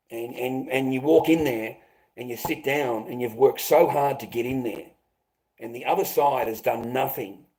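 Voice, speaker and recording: A middle-aged man rants on a casual livestream in a higher-than-average voice with vocal fry. He's agitated and swears a lot, his voice climbing whenever he gets upset. The audio is poor.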